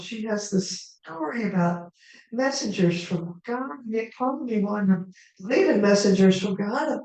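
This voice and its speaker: A woman storyteller telling a tale in the first person as a character, in an unhurried, conversational way with asides to the audience. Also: mid-range voice, expressive, a little mellow. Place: live performance venue. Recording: echoey hall, mic far off.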